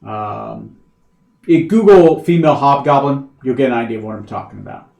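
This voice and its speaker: Man, game master, hesitant, filler-heavy narration, middle pitch, echoey room. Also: expressive, moderate pace, gravelly, a little mellow.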